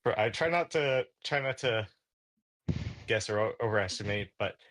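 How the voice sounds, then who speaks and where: A man's voice: on the low side, animated, moderate pace, fairly bright tone, dry recording. A man playing a tabletop role-playing game in character, rambling with lots of stammers and restarts. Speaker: player.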